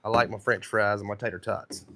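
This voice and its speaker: A man's voice: on the low side, little pitch movement, brisk, very noisy. Man with a thick North Carolina accent. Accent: thick North Carolina Southern. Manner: chatty, reads viewer comments aloud and answers them. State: sore throat. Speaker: woodworking live streamer. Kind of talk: casual live-stream chat while working.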